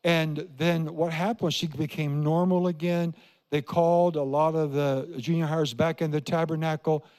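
A man's voice: fairly high pitch, flat delivery, normal speed, a little mellow, in a large hall. A man in his seventies from Iowa, preaching a sermon as a pastor, telling stories with emphatic repetition and questions to the congregation. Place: church sanctuary.

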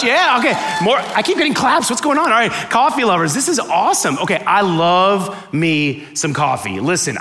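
High-voiced joking man speaking to an audience. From United States (Miami). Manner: animated, joking, chatty. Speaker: speaker giving a talk. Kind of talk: humorous storytelling talk to a live audience. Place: room with a live, clapping audience.

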